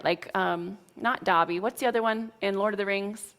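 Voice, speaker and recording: In a motivational teaching talk, a spiritual coach speaks frankly and casually, cursing mildly and checking in often with her audience. She has a mid-range voice with a steady tone, and her delivery is a little fast, with few pauses.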